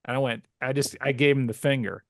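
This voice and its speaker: A man who works as a sportscaster, telling animated anecdotes as an interview guest, often restarting his sentences. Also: medium pitch, brisk, dry recording, clean studio sound. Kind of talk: casual storytelling interview.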